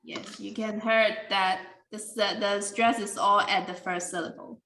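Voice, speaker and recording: A woman teaching English pronunciation in a careful, deliberate way, with simple non-native grammar. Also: medium pitch, fairly even intonation, sharp tone, roomy sound, rough recording. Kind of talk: slow classroom explanation.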